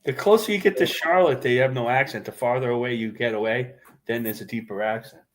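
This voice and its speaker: A man's voice: medium pitch, brisk. Easygoing man from New York, casual co-host banter. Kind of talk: casual chat on a drawing stream.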